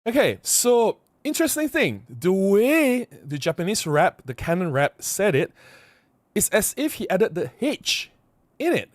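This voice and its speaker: A man's voice: sits high, a little slow, dry recording, studio quality. A man vlogging casually to camera, rambling and repeating himself as he explains. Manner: rambling, repeats words, animated.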